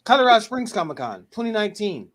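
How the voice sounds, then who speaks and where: A man hosts a relaxed geek-culture chat with a voice that swoops and leaps. He acts out his own reactions as little quoted scenes. His delivery is lively and expressive throughout. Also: high-pitched, fast. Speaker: podcast host. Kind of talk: casual chat.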